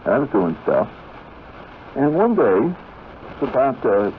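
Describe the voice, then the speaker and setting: A man's voice: mid-range voice, sing-song, slow pace. A man telling a long, rambling story on his radio show, with conversational asides to the listener. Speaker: radio host. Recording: tinny 1970s radio broadcast with faint hiss.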